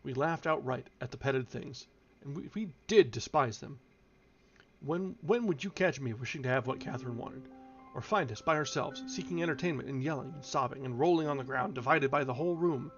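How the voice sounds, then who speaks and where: A man reading a classic novel aloud on a livestream, expressive but with occasional slips and restarts. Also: mid-range voice, a little fast. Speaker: audiobook reader. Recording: dull lo-fi recording with faint music.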